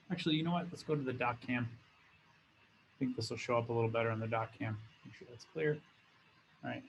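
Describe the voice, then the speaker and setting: Over a rough recording with slight background noise, a man with a mid-range, somewhat bright voice teaches as a business school professor. The lecture is recorded in a classroom or studio with a document camera, and his delivery is conversational, with many restarted phrases.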